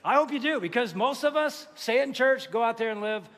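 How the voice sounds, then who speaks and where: High-voiced pastor preaching in a reverberant hall. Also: male voice, brisk, a little hiss or hum. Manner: lively, joking, asks the congregation questions. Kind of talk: sermon. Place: church sanctuary.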